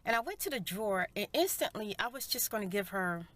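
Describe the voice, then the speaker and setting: A middle-aged woman in a soft-spoken personal storytime, heartfelt and spiritual, talking to viewers as "you guys" and "y'all" on a close mic indoors. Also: mid-range voice, animated, brisk. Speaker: ASMR storyteller. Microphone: close mic for eating sounds.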